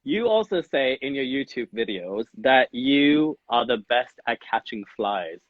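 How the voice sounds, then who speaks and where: A man hosting a casual interview, asking teasing questions in a playful, excitable way. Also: medium pitch, unhurried, dry recording, phone-quality sound. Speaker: podcast host.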